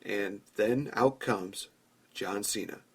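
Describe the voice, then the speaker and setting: A podcast host with a fairly low, slightly rough voice takes his time telling a long, chatty story of fantasy-booking commentary. He acts out imagined dialogue as he goes.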